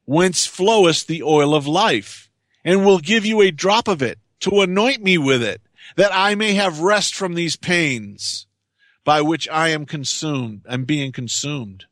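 A man reading the lines of Adam, an aged first man in pain, slow and imploring in archaic speech. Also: high voice, fairly bright tone, no room sound, clean studio sound. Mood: suffering.

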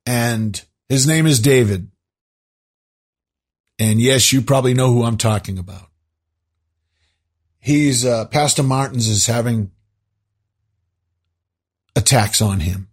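Husky rambling man talking to listeners. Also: medium pitch, slow, pauses often. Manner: rambling, conversational, many asides. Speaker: show host. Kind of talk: casual monologue to listeners.

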